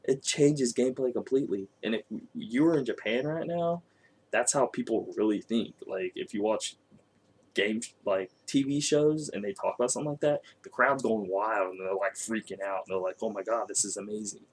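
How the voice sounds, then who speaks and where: A man talking casually about video games in an animated way, laughing often and swearing. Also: lowish voice, moderate pace. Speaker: co-host. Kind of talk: casual gaming chat.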